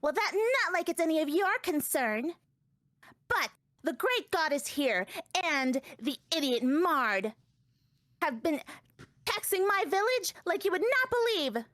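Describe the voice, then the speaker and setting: A woman's voice: very high-pitched, big pitch swings, unhurried, fairly bright tone, no echo, studio quality, voice pushed up, full character voice. A woman voicing a haughty, sassy little purple girl set on revenge.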